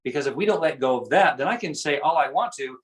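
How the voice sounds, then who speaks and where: A man's voice: fairly high pitch, expressive, quick pace, poor audio. A man talking through ideas as a guest, explaining earnestly and often repeating his phrases. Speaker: guest speaker on self-awareness. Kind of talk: conversational explaining.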